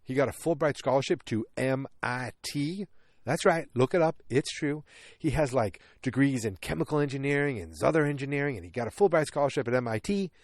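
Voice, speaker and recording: A man's voice: mid-range voice, animated, brisk, no echo, clean studio sound. A man hosting a casual movie podcast, rambling through the plot with joking asides and frequent self-corrections. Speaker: podcast host.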